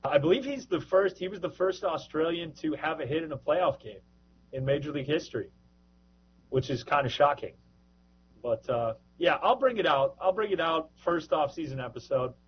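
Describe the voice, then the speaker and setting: Joking podcast man, slightly high voice. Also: lively intonation, normal speed, highs cut off, slight background noise. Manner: joking, rambling storyteller. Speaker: podcast co-host, minor league broadcaster. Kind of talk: casual podcast chat.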